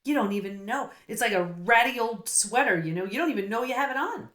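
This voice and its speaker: A woman's voice: on the high side, expressive, a bit bright. A middle-aged woman, a psychologist guest, telling her story in an earnest, casual interview manner. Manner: earnest, storytelling, quick asides. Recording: roomy echo.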